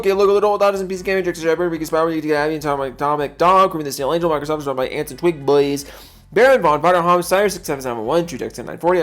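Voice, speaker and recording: A young adult man with a slightly high voice reads through a long list of supporter names. His delivery is casual and fast, with a joking, exasperated edge and some swearing. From Seattle area. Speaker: YouTuber reading supporter names. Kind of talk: casual rapid-fire name reading.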